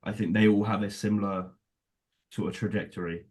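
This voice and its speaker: A man's voice: on the low side, fairly even intonation, a little fast, a little mellow. A young man co-hosting a podcast, chatting in an easygoing, reflective way. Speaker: podcast co-host. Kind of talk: casual chat.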